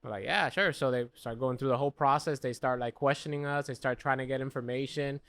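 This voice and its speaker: A man's voice: medium pitch, flat delivery, quick pace, no room sound. A young American man co-hosting a comedy podcast, telling a rambling, profane anecdote in casual chat. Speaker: podcast co-host.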